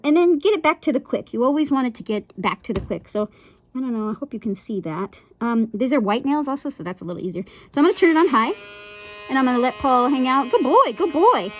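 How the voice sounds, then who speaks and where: A woman's voice: sits high, slight background noise, low-quality recording. A woman dog groomer giving a casual how-to demonstration, chatty and reassuring, often checking in with "right?" and playfully acting out a nervous dog. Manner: playfully acts out a scared dog in quick voices.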